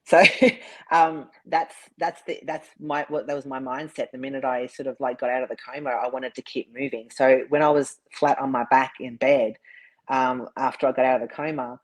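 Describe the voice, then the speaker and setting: A man's voice: medium pitch, flat delivery, normal speed, rough recording. A man, a bodybuilder, talking as an interview guest. He tells his story earnestly and sometimes repeats words.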